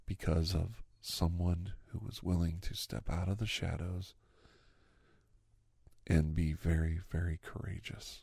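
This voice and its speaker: A man in a whispered role-play speaks slowly in a very deep, gravelly voice. He rambles with earnest sentiment and drops into soft whispered asides. The sound is dry and close, with a dark, husky tone. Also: no echo. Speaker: host playing a doctor character.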